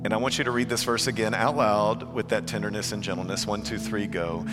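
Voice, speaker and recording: A middle-aged man preaching a sermon, moving between hushed, earnest tones and lively storytelling. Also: on the low side, fairly quick, hardly any pauses, loud music behind the voice. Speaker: pastor.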